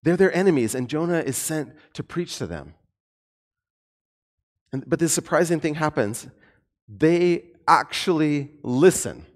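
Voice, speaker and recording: A man preaching a sermon in a conversational, animated way with light humor. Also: fairly high pitch, measured pace, long pauses. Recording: long hall reverb.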